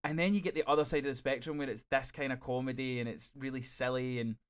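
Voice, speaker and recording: A man's voice: mid-range voice, fairly even intonation, quick pace, clear, resonant tone. A man co-hosting a podcast, gushing over a TV episode in casual chat, swearing freely and acting out scenes. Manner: enthusiastic, swears freely, acts out scenes in quoted voices. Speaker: podcast co-host.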